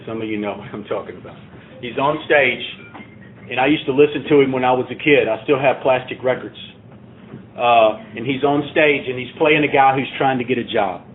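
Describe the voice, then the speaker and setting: A man's voice: medium pitch, a little hiss or hum. A man giving a plainspoken, earnest talk at a recovery meeting, building to emphatic points. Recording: tinny phone-like sound.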